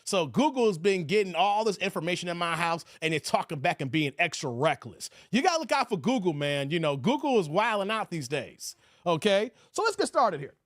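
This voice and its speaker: A man's voice: brisk, no room sound, studio quality. A man hosting a casual live stream from home, telling stories and acting out quotes in a raised voice. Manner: animated storytelling, voices his quotes high and loud.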